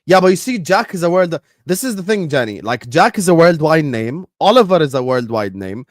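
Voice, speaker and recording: A man's voice: a little high, big pitch swings, fairly quick, no room sound, clean studio sound. A man whose first language is Arabic, hosting a football watchalong stream and bantering casually with his chat in a joking manner.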